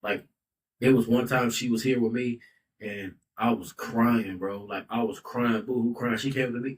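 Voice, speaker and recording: A man's voice: mid-range voice, fairly even intonation, moderate pace, recorded from a distance, a little hiss or hum, low-quality recording. A man in his thirties hosting a podcast, talking in a loose, heartfelt way and saying "bro" and "like" a lot. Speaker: podcast host. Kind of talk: casual podcast talk. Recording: voice a bit off-mic.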